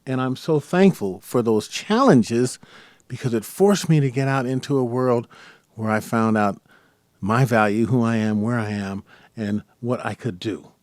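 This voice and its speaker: A middle-aged man hosting a podcast, talking in an easy, storytelling way. His voice sits at an ordinary pitch and is recorded close and dry, with no room sound. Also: a little slow, no echo. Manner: storytelling, animated when quoting his mother. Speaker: podcast host. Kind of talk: casual conversation.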